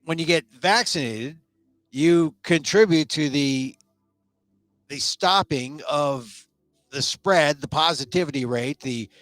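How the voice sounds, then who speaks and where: A man's voice: a little high, a bit bright, no echo. A man hosting a live-streamed talk show in a casual, rambling monologue, full of joking asides.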